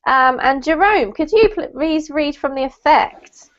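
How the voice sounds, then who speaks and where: A woman runs an online English class, warmly praising and correcting word stress. Her voice sits a little high. The call audio is dull and lo-fi. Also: expressive, unhurried. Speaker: English pronunciation teacher.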